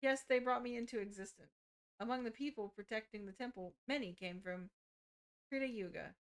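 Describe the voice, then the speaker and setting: A woman reading aloud as a gentle male spirit born from prayers, calm and solemn. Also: fairly high pitch, brisk, close to an everyday voice. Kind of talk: reading game dialogue aloud.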